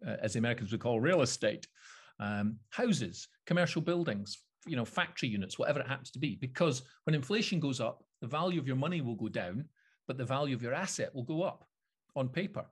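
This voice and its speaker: A Scottish man co-hosting a podcast, explaining things in an animated, opinionated way with frequent chuckles. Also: mid-range voice, fast talker, breathy edge. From Scotland. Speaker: podcast co-host. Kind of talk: casual chat.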